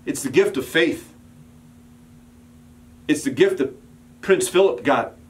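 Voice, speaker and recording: A man preaching a sermon as pastor, building emphatic repeated calls and sometimes dropping to a soft, quiet storytelling voice. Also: fairly high pitch, lively intonation, slow pace.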